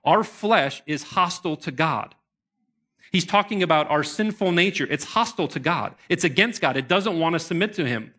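Man, pastor, sermon, earnest preaching, bright tense voice. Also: a little high, normal speed. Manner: earnest preaching, bursts into excited shouts.

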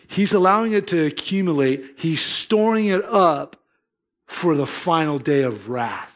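A male pastor preaching a sermon in an earnest, emphatic manner. His voice sits fairly high for a man. He weaves scripture and stories together as he speaks. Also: animated, unhurried.

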